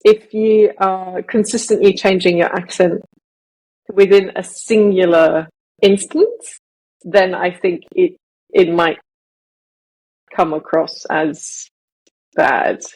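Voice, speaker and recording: Slow, hesitant woman with British accent. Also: lowish voice, steady tone, darkish tone, rough recording. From Malaysia. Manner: rambling, hesitant with many fillers and restarts. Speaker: podcast co-host. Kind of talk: casual podcast chat.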